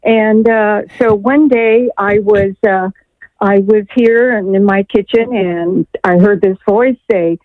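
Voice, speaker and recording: Call-in caller, woman, slow and rambling, tinny phone line, dry sound. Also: medium pitch, steady tone, no room sound. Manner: rambling, hesitant, full of fillers. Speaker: radio caller. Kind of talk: call-in storytelling. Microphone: telephone.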